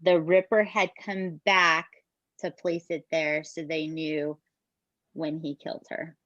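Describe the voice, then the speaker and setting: A woman's voice: deep voice, level tone, takes it slowly, fairly bright tone, no room sound. A woman co-hosting a podcast, telling a true-crime story in a casual, emphatic way with some swearing. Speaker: podcast co-host. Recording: dull, dry lo-fi podcast mic.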